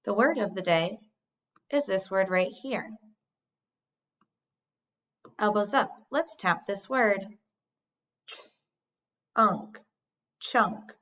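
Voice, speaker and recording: A woman teacher giving a recorded phonics lesson, speaking slowly and deliberately as she models sounds for young children. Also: mid-range voice, lively intonation, fairly bright tone. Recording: dull lo-fi sound.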